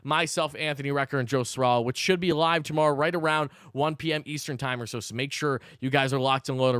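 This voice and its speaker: A man hosts a live postgame recap, fired up and cursing as he breaks down the game. His voice sits a little high and comes through smooth and clean. The sound is dry and close, with no room around it. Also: a bit bright, no room sound. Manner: fired-up, swears, rants between recap. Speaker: sports channel host.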